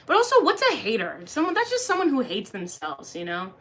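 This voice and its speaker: A woman's voice: on the high side, huge pitch swings, fairly quick, hardly any pauses, a bit bright. A woman livestreamer reading and answering chat in a jokey, crude, casual way. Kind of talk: casual live-stream chat.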